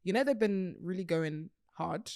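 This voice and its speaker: A young British woman hosting a podcast in casual chat, animated, laughing often and swearing casually. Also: on the low side, moderate pace. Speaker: podcast host.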